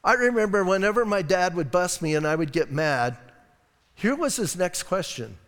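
A man preaching a casual, animated sermon as pastor, acting out voices in the quotes. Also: sits high, moderate pace, big-room sound. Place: church hall.

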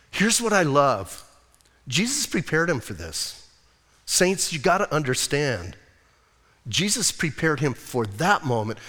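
Male pastor, casual slangy sermon delivery, big expressive pitch swings, reverberant church hall. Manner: animated, conversational preaching with slang and acted-out quotes. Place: church sanctuary.

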